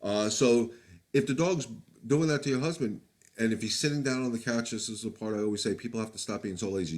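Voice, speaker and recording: A man's voice: lowish voice, expressive, a little fast. A man, a dog trainer, answering viewer questions on a live stream in a candid, plain-spoken way with many fillers and restarts. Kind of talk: live-stream Q&A, casual advice.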